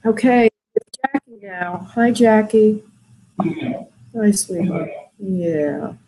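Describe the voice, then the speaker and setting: A woman hosting a call-in show as a spirit medium, talking gently and soothingly to callers, with many fillers. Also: medium pitch, extremely slow, slight background noise, poor audio. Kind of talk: call-in reading, soft and consoling.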